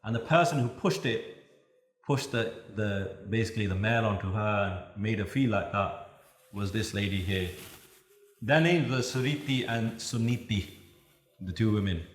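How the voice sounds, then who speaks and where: A man giving a religious talk at a youth camp, telling stories in an animated way and chanting verses. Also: on the low side, normal speed, roomy sound. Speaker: Sikh preacher.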